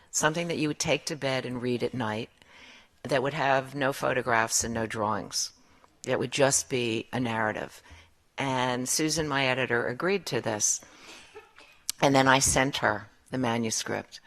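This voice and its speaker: A woman in her sixties, an author chatting at a book event, telling stories and acting out the dialogue. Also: very deep voice. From United States. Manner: animated, acts out quoted dialogue. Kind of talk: conversational storytelling.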